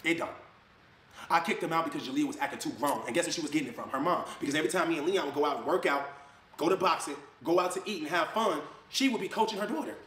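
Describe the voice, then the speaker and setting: A man ranting to camera in a fired-up way, swinging between loud jabs and low mutters. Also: fast talker, a little hiss or hum. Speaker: online video creator. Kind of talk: heated rant to camera. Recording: echoey room.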